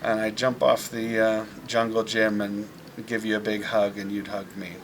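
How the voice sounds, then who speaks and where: Son recording a heartfelt message home; lowish voice, rambling fond storyteller, faint background hiss. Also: male voice, little pitch movement, moderate pace. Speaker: eldest son sharing a memory.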